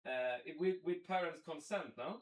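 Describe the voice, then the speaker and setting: In his home kitchen, a man cooks on a livestream and talks casually with his audience, thinking aloud as he goes. His voice sits on the high side, and he keeps a measured pace.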